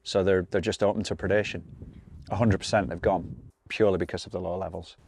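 A man with a fairly low voice explains what can be seen on a riverbank. He is outdoors and talks in an explanatory way, pointing things out. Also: steady tone, fast, creaky, a little mellow, slight background noise. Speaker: wildlife expert.

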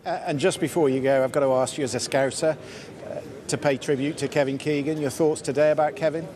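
Male news anchor, live outdoor broadcast, brisk and conversational, crowd noise behind. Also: on the high side, steady tone. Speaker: news presenter. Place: outdoors on a city street. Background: crowd chatter and passing traffic.

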